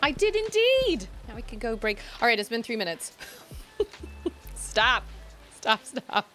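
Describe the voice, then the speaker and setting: A woman streaming a game, chatting casually, giggling and thinking out loud as she plays. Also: fairly high pitch, level tone, a little slow, faint music behind. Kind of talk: casual gameplay streaming chat.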